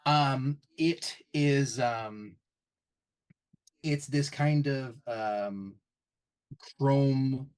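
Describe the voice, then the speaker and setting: A man narrating as game master of a tabletop game, halting often with ums and restarts. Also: mid-range voice, a little mellow, clean tone, rough recording.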